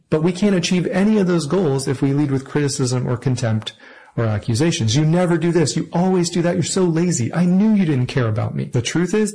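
A man giving an earnest, measured lesson on relationships and acting out example phrases between partners. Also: medium pitch, dark tone, poor audio. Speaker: relationship teacher. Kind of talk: instructional talk to camera.

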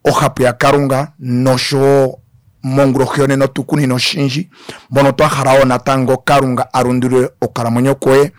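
A man's voice: medium pitch, flat delivery, normal speed, dry recording. A man speaking as a guest pastor in a radio studio, preaching fervently to the listeners. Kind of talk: radio ministry broadcast.

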